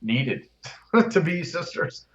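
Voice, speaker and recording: A man co-hosts a podcast in relaxed, casual chat. He talks in loose run-on thoughts and gives his opinions freely. The recording is slightly dull and lo-fi. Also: fairly high pitch, slow pace. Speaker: podcast co-host.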